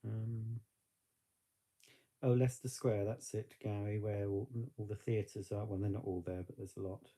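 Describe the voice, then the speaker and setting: A man talks in a rambling, reflective way on a live stream, now and then tearful. His voice is gravelly and husky and sits deep and dark. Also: little pitch movement, moderate pace. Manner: reflective, rambling, with frequent fillers. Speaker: vlogger. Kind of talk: casual live-stream chat.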